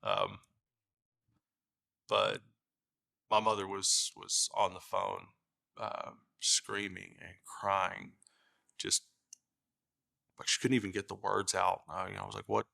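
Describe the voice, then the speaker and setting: Middle-aged guy, really gravelly low voice, flat delivery, halting with lots of ums. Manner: halting, with frequent fillers and restarts. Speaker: brother of the deceased. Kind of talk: documentary interview testimony.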